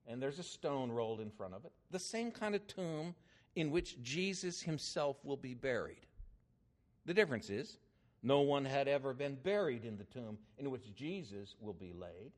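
An older man preaching a sermon, telling a story with swings in emphasis and loudness. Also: medium pitch, expressive, measured pace.

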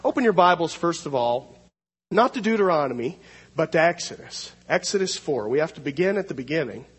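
A man preaching a sermon, teaching through a Bible passage, slowing down to read scripture aloud. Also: on the high side, animated, slightly rough, big-room sound.

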